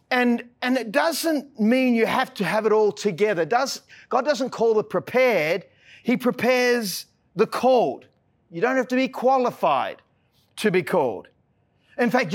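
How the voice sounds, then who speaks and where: High-voiced Australian man preaching earnestly. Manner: earnest, self-deprecating preaching with a casual, joking streak. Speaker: pastor. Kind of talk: sermon.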